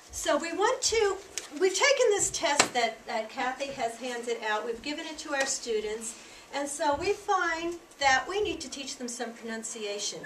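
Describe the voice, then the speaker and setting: An American woman training tutors in a workshop, talking in an animated, emphatic way and demonstrating sounds aloud. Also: sits high, a little hiss or hum. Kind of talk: teaching workshop presentation. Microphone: distant room mic. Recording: echoey room from a distance, faint ambience.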